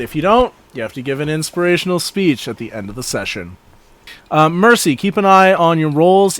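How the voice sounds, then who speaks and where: A male game master recapping a tabletop session in a brisk, chatty storytelling manner. His voice sits fairly high for a man. The sound is dry and close on a podcast microphone, with no room echo. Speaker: dungeon master.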